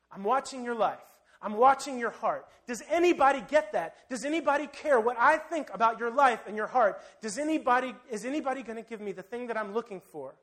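High-pitched male preacher, relaxed conversational sermon delivery. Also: a little fast, few pauses. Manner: conversational and animated, addressing listeners directly.

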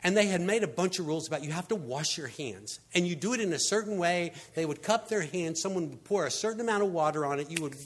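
A man's voice: fairly high pitch, fast, few pauses. A man preaching a conversational sermon, telling stories and filling gaps with "I mean" and "you know.". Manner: animated storyteller, frequent fillers like "I mean" and "you know". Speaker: pastor.

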